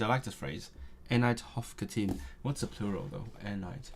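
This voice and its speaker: A man's voice: fairly low pitch, normal speed. A man live-streaming his language study, thinking aloud and sounding out words, correcting himself as he goes. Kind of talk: casual live stream talk.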